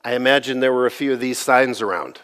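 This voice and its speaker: A middle-aged man pastor preaching a sermon, telling the story with lively, sarcastic quoted lines and occasional laughs. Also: medium pitch, fast talker, smooth.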